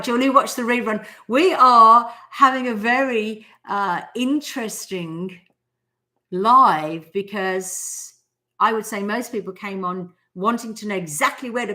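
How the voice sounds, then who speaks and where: A woman's voice: mid-range voice, measured pace, sharp tone. Chatty Australian woman hosting a live stream. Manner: chatty storyteller who acts out quotes. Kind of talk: casual live-stream talk on manifesting.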